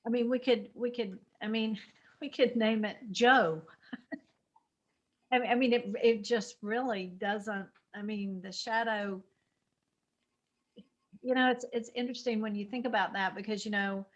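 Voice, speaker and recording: A woman co-hosting a spiritual talk show, chatty, with quick asides, laughter and many "I mean"s. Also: a little high, fairly even intonation, muffled recording. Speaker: podcast co-host. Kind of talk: spiritual conversation.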